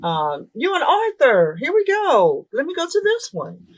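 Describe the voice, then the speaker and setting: A woman's voice: high-pitched, wildly swooping pitch, measured pace. A woman hosting an interview podcast who asks questions in a casual way and keeps encouraging her guest with short affirmations. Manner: encouraging, many backchannel affirmations. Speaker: podcast host.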